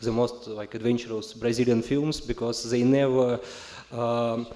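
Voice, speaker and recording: A man's voice: mid-range voice, little pitch movement, unhurried, warm tone. Hesitant Russian-accented man, echoey hall. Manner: hesitant, many fillers and self-corrections. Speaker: panel guest, film critic and curator. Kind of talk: halting panel talk in a second language. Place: festival discussion hall.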